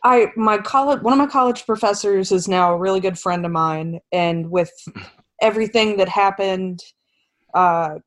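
A woman guest in a casual online chat, telling stories in a soft-spoken, self-deprecating way. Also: mid-range voice, normal speed.

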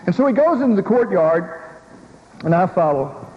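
A man's voice: high-pitched, very animated, normal speed. A man preaching a first-person dramatic sermon, telling the story with vivid emotion. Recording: dull recording in a reverberant hall with faint hiss.

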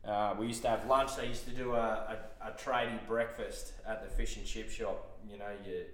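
A podcast guest with an Australian accent tells a rowdy workplace story, swearing and laughing as he goes. His voice is on the low side, steady in tone and moderately paced, and the recording has a roomy echo.

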